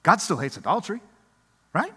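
A man's voice: high-pitched, huge pitch swings, a little fast, pushed and bright, slightly rough, in a large hall. A man pastor preaching a sermon in a church, earnest and emphatic, asking the congregation rhetorical questions.

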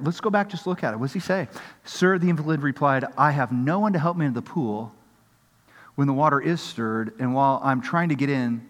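A man's voice: mid-range voice, long reverb tail. A man preaching a sermon as pastor, acting out the voices of people in the story.

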